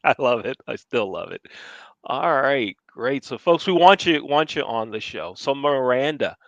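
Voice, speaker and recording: Male podcast co-host, animated and upbeat, dry close-mic sound, stumbles over starts. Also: mid-range voice, measured pace, gravelly, dry recording, highs cut off. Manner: upbeat, repeats words when starting sentences. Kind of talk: casual chat.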